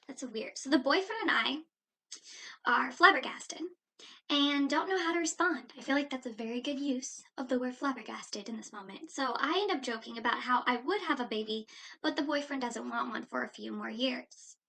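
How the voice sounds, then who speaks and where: A young woman in her late teens, chatting casually in a home reaction vlog, telling a story with animated exasperation. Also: high voice, moderate pace, vocal fry. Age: young adult. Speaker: vlogger. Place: indoors at home.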